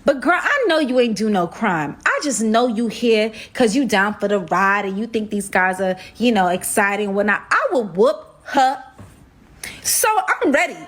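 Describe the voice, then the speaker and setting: A young woman, from Brooklyn, telling a personal story in an animated, slangy, emphatic way. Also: mid-range voice, normal speed. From Brooklyn, New York. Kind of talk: storytime vlog.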